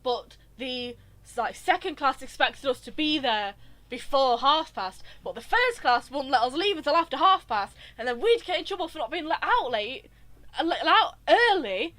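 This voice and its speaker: A woman giving live gaming stream commentary through a headset, ranting in an exasperated, animated way. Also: high-pitched, normal speed. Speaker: game streamer.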